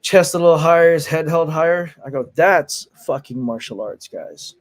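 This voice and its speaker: Man, martial arts instructor, casual storytelling, swears a lot, animated. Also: fairly high pitch, normal speed. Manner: animated, swears freely, laughs often, acts out quotes.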